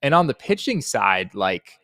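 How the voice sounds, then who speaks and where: A man appearing as a guest on a sports podcast, talking through the analysis in a measured way with lots of filler "uh"s. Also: mid-range voice, very animated, fairly bright tone, no echo, studio quality.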